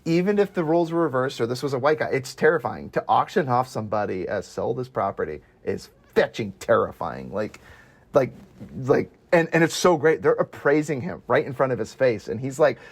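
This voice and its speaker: A movie podcast co-host in casual review chat, animated and quick to laugh. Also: medium pitch, husky. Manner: animated, laughs often, acts out characters.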